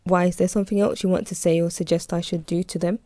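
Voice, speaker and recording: A woman reading aloud as a calm, reassuring male office boss, speaking in a measured, patient way. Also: sits high, no echo, clean studio sound, close to an everyday voice.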